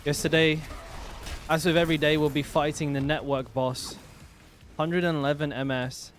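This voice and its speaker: A man's voice: fairly high pitch, flat delivery, normal speed. A young man streaming a game, talking in a laid-back, rambling way with plenty of slang. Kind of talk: casual live-stream commentary. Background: game music.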